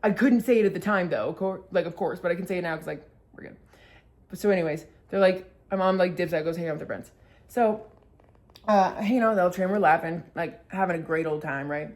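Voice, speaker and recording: A woman's voice: fairly low pitch, fairly quick, darkish tone. Chatty young woman telling a story. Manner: chatty, profane, heavy use of "like". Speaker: vlogger. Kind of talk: casual storytelling.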